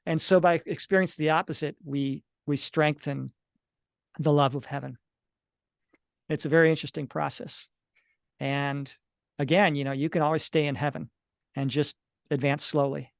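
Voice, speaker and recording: A man's voice: a little high, steady tone, normal speed, creaky, pauses often, dry recording, studio quality. A middle-aged man, an author and analyst of near-death experiences, giving earnest, explanatory interview answers and sometimes acting out little scenes. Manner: earnest, explanatory, acts out little quoted dialogues.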